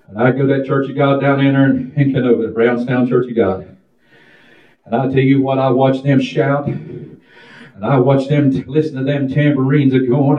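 An older man preaching a fervent testimony sermon, shouting hallelujahs and whooping between stretches of storytelling. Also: medium pitch, muffled recording. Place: church sanctuary. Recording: echoey church from far off.

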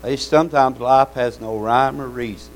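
A man's voice: medium pitch, steady tone, moderate pace, a little hiss or hum, rough recording. A man preaching a sermon in a folksy, fervent way, calling out amens and hallelujahs.

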